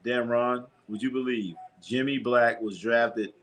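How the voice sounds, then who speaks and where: The sports watch-party streamer speaks at medium pitch with fairly even intonation, a little slowly and with a fairly bright tone. He calls basketball plays casually, reads chat questions, jokes with viewers, and often repeats himself.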